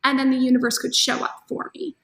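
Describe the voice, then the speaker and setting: High-voiced woman with a slight Southern twang. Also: completely flat delivery, quick pace, vocal fry, fairly bright tone. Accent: slight Southern-sounding twang. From Michigan. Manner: candid, playful, laughs easily. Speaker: interview guest. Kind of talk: casual interview chat.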